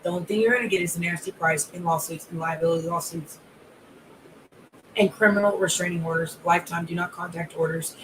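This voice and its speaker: Coach hosting a live room, calmly enraged, stacks grievance after grievance in long lists. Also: mid-range voice, a little fast, noisy background. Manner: controlled anger, long repetitive lists of grievances. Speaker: life and wellness coach. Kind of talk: live audio-room monologue.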